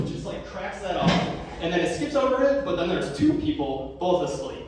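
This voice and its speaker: A man's voice: sits high, big pitch swings, normal speed, a little mellow. A man doing a loose, profane stand-up comedy routine and laughing at his own jokes, recorded from a distance in an echoey room.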